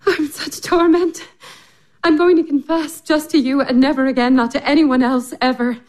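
A woman's voice: sits high, fairly even intonation, normal speed, darkish tone, natural voice. A woman playing a passionate, headstrong sister in a radio play, speaking in an urgent, impulsive and confessional way. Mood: confessing. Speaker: stage actress in a radio drama.

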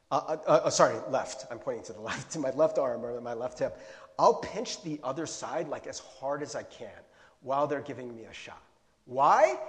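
A pastor with a mid-range voice preaches to his congregation in a big-sounding room. He's animated, playful and self-mocking, sometimes acting out panic with shouts that rise in pitch.

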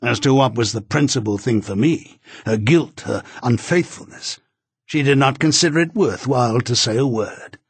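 A man narrating a novel as an audiobook in a measured, grave reading. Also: mid-range voice, gravelly, husky, no echo.

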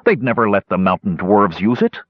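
A proud, gruff older male dwarf, as a male narrator puts him on, indignant and hard-edged. His voice is husky and rises and falls widely. The recording is dull and dry. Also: lowish voice, animated, fairly quick, dry recording.

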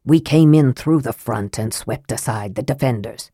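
A woman's voice: very deep voice, normal speed, mellow, breathy edge, no echo, clean studio sound, voice pushed down, exaggerated voice. A woman voicing a proud, formal knight possessed by an old prince in an audiobook reading, stern and haughty.

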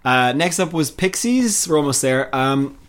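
A man's voice: fairly high pitch, unhurried. A man co-hosting a podcast, chatting casually and at length about a music festival. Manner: chatty, rambling, animated. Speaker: podcast co-host.

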